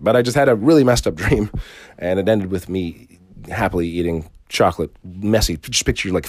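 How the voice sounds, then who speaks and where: A man's voice: deep voice, darkish tone, husky, dry recording. A man hosting a casual solo podcast, rambling and swearing freely, often restarting his sentences. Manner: rambling and profane, with frequent restarts. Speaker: podcast host.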